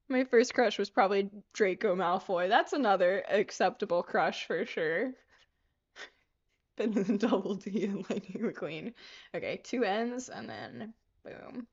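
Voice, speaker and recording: A woman's voice: mid-range voice, expressive, a little slow, lo-fi sound. A young woman hosting a casual livestream, giggling often, swearing freely and reading viewer comments aloud as she works on a craft. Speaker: livestream host.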